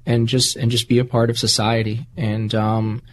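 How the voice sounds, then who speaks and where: A man's voice: mid-range voice, little pitch movement, moderate pace, slight background noise. Earnest rambling man telling his story. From United States. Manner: earnest, rambling, repeats words while telling stories. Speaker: interview guest, entrepreneur. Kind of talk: candid conversational storytelling.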